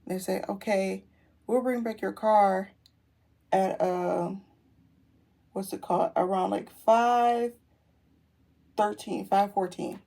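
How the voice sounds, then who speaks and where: A young adult woman telling a story casually while doing her makeup, animated and slangy, quoting people as she goes. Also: mid-range voice, slow pace, gravelly, pauses often. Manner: animated, slangy retelling with quoted voices. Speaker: beauty vlogger.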